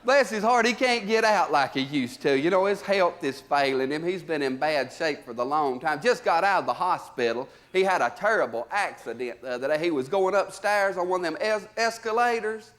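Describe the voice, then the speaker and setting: A male stand-up comedian with a Southern US accent, telling folksy stories in a drawl and swinging between loud punchlines and low asides, recorded on a theater stage. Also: lively intonation, normal speed, hardly any pauses. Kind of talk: live stand-up storytelling.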